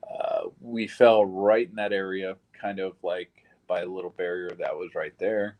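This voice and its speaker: A man with a somewhat low voice recounts events in a recorded witness interview. He speaks bluntly and plainly, and he swears now and then. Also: steady tone, a little slow, darkish tone, rough recording. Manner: blunt, plain-spoken retelling with occasional swearing. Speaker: shooting survivor giving a statement.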